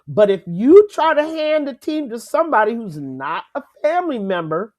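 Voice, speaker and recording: An older woman co-hosting a casual sports talk show, lively and emphatic, laughing easily. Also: fairly high pitch, moderate pace. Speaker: co-host.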